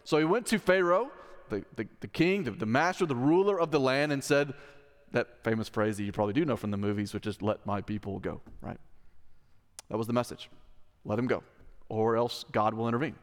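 A male pastor preaching with earnest emphasis, repeating his key phrases and putting direct questions to the congregation. His voice sits at an ordinary middle pitch for a man. It rings out with the long reverb of a church sanctuary. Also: a little fast. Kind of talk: sermon.

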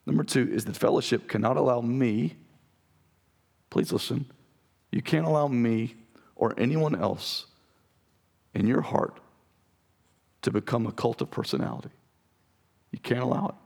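Raspy pastor guy preaching to his church, gravelly, earnest and direct. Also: mid-range voice, normal speed, pauses often, a little mellow. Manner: earnest, direct, talks straight to the congregation. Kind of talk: sermon. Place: church sanctuary.

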